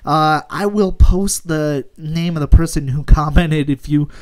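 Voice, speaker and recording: Over gameplay, a young YouTuber chats in a rambling, joking way, laughing often. His voice is on the high side and his pace a little slow.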